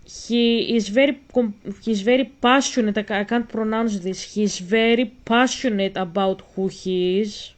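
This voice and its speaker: Slow insistent woman vlogger. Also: fairly high pitch, fairly even intonation. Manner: slow, insistent, repeats herself while explaining. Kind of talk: spoken commentary on a video.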